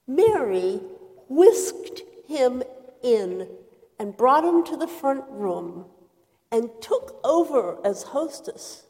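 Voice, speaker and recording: Brief: a woman as Martha, a harried, indignant hostess, slow and measured, slightly high voice, echoing hall. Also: full character voice. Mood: hurried. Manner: earnest, expressive storytelling with quoted outbursts. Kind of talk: dramatic first-person monologue. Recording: reverberant hall.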